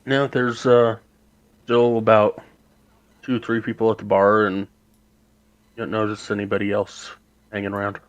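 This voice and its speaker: A man working as game master, describing scenes in a matter-of-fact, unhurried way over a voice chat mic. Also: lowish voice, flat delivery, dull audio. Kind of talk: narrating a tabletop game.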